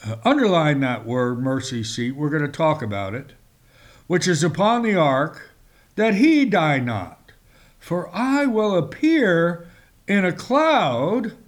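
A man preaching a sermon, speaking with emphatic rises and reading scripture passages aloud in old-fashioned wording. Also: big pitch swings. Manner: slow, emphatic delivery with sudden rises in pitch.

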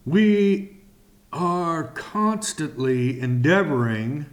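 Male Bible teacher, slightly high voice, extremely slow and deliberate delivery. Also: expressive. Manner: very slow, drawn-out phrasing with long pauses.

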